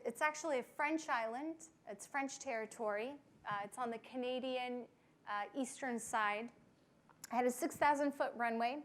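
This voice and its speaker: Young woman pilot telling her story. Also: a little high. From United States. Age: young adult. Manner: frequent fillers, lively retelling with quoted voices. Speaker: pilot giving a talk. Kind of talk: storytelling talk to an audience.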